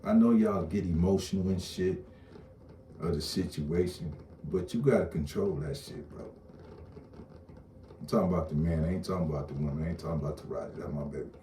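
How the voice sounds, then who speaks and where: Blunt, profane man ranting, deep voice. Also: a little fast, dark tone, slight background noise. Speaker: online commentator. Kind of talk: casual rant to camera. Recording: roomy echo, distant mic, faint ambience.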